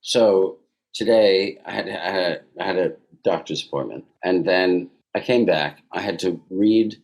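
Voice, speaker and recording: A man in his sixties, a guest in a casual interview, telling stories in an animated way and acting out bits of dialogue. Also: sits low, a little slow, creaky. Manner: animated storyteller who acts out dialogue.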